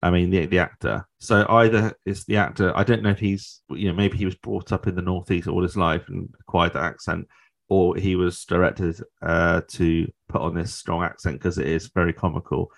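Very low-voiced British man, chatty podcast host, laughs easily. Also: little pitch movement, moderate pace, gravelly. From Britain. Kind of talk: casual chat commentary.

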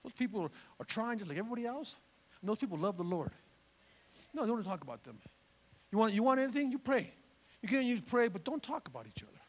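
A man's voice: high voice, very animated, quick pace, pauses often, long reverb tail. A male pastor preaching a fervent sermon, calling out to his congregation for responses. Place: church.

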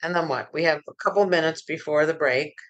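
Woman, talk show host, short encouraging questions, slightly low pitch. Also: a little fast, a bit bright, poor audio. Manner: brief encouraging questions and interjections. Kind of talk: interviewing a guest.

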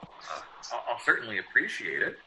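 A man's voice: lowish voice, wildly swooping pitch, a little fast, pushed and bright, a little hiss or hum, heavily acted, poor audio. An actor playing a flustered, stammering male mystery writer in an old-time radio drama.

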